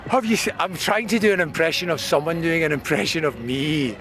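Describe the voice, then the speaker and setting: A man's voice: a little high, normal speed. A man vlogging outdoors with a handheld camera, chatty and jokey, giggling at his own remarks. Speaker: vlogger filming at a festival. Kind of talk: playful handheld vlog narration. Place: outdoors in the desert. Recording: outdoor noise behind.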